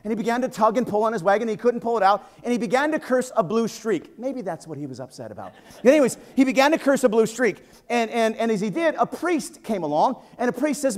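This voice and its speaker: High-voiced, energetic man preaching. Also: fast talker, hardly any pauses. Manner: energetic, joking, animated storytelling. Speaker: pastor. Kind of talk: sermon. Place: church sanctuary.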